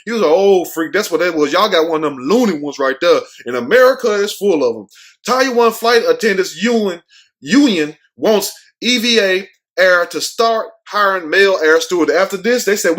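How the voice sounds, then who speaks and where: A man's voice: sits high, animated, normal speed, fairly bright tone. A man giving brash, profane, joking commentary on a news story as the host of his own show.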